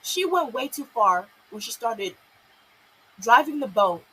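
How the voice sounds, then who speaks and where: Young woman, high bright voice, exasperated ranting review, apologetic, repeats herself. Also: animated, unhurried, husky, rough recording. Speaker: cartoon episode reviewer. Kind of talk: ranting solo review vlog.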